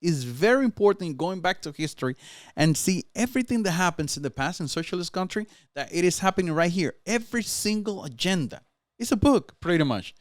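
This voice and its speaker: A man's voice: high voice, lively intonation, fairly quick, dry recording, clean studio sound. A man with a Dominican Spanish accent, a Spanish speaker, talking politics as a guest in a casual chat in a fervent, urging way. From Dominican Republic. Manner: fervent, urging, tags lines with "right?".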